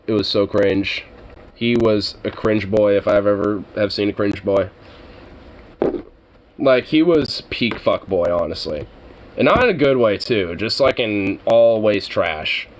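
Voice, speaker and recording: Profane, rambling man with a low voice. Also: poor audio. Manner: rambling, profane, laughing asides. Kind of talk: casual livestream chat.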